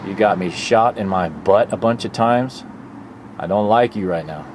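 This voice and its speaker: A man's voice: lowish voice, normal speed, a little hiss or hum, close to an everyday voice. A man voicing his pet dog as a grumpy male dog sulking at his owner, in a casual, complaining way. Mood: sulky.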